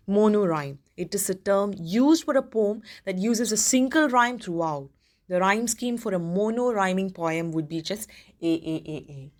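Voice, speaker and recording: A woman tutor from India, giving an exam-prep lecture that reads out definitions and then says example words slowly. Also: mid-range voice.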